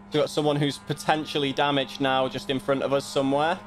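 A man's voice: medium pitch, level tone, fairly quick, slight background noise. Self-critical man commentating his own race. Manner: self-critical, muttering asides. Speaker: sim racing streamer. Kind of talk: casual commentary while racing.

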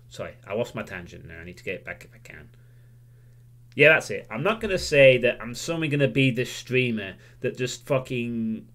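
A man's voice: mid-range voice, a bit bright. Male streamer, frank self-critical monologue, loose and profane, mid-range voice. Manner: frank, self-critical, swears freely, loses his train of thought. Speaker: livestreamer. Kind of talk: candid livestream monologue.

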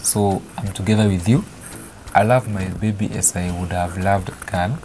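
A young Kenyan man, an expectant father, chatting excitedly and affectionately in a casual family vlog. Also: low-pitched, moderate pace, a crowd in the background. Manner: excited, affectionate, mixing English and Swahili. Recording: noisy home video.

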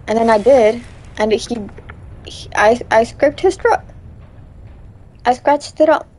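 A young woman streaming a game, telling chatty stories between loud, startled outbursts. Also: fairly high pitch, unhurried, pauses often. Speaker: gaming streamer. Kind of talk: casual gameplay commentary.

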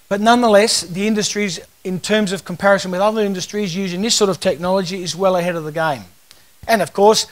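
Joking Australian man giving a talk. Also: high voice. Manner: casual, joking storyteller. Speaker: conference speaker. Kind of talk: conference talk.

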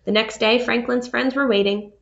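A woman reading a children's picture book aloud with expressive delivery, pausing to ask her young listeners questions. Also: creaky. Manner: expressive, asks listeners questions, raises pitch for characters' lines. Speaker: storybook reader. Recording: dull lo-fi audio.

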